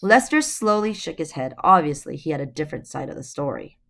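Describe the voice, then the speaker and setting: Low-voiced woman reading a storybook aloud. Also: big pitch swings, a little fast, gravelly, fairly bright tone. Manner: chatty asides to viewers. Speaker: storybook reader. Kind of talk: reading a novel aloud to viewers. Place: at home, on her bed.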